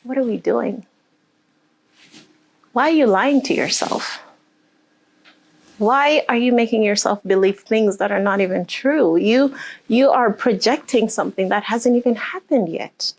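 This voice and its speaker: Woman motivational speaker, a bit high voice, heartfelt storytelling, cheers the group on. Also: unhurried, long pauses. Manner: emotional, earnest storytelling; leads the group in deep breaths and affirmations. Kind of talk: motivational talk to a live group.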